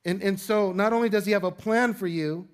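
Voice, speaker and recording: A male pastor with a high voice preaches to his church in an easy, conversational way. He asks his listeners rhetorical questions and adds light humor. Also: fairly quick, smooth. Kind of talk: sermon. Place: church sanctuary with congregation.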